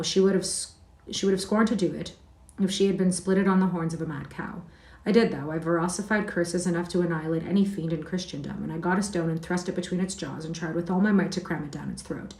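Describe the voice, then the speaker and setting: Woman reader doing a defiant, scornful young Heathcliff; low, roomy, off-mic. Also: darkish tone, natural voice. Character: Heathcliff, a wild defiant boy telling his tale. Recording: roomy sound from a distant mic.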